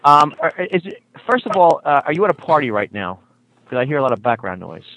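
A man's voice: fairly high pitch, big pitch swings, fast talker, fairly bright tone, poor audio. A man co-hosting a call-in radio show, questioning callers in a mock-serious, teasing way. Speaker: radio co-host. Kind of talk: casual call-in chat.

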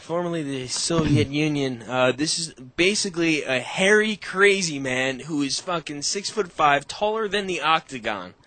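A young man hosting a podcast on a call, telling animated, profane stories in casual chat. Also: fairly high pitch, moderate pace, hardly any pauses, no room sound. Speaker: podcast host.

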